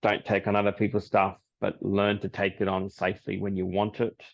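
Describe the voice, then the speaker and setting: A man, a psychic medium, telling stories in a relaxed podcast chat and laughing often. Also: lowish voice, a little fast, vocal fry. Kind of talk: casual podcast interview. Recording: dull lo-fi audio.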